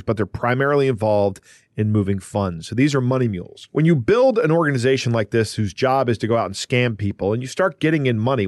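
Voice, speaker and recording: A man's voice: medium pitch, no echo. Podcast co-host guy explaining stuff casually, mid voice, dry sound. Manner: conversational, explanatory, with restarts. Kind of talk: casual chat explaining a story.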